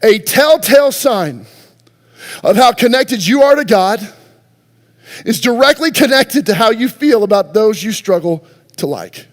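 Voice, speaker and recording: A man's voice: high voice, lively intonation, measured pace, long pauses, long reverb tail. A man preaching a sermon as pastor, talking conversationally and firing rhetorical questions at the congregation. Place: church sanctuary.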